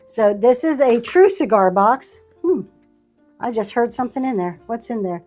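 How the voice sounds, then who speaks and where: Woman, live-stream reseller, slightly high voice, casual running chatter over faint music. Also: expressive, normal speed, a little mellow. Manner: chatty, thanks buyers by name. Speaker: live auction seller. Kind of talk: live selling stream chat.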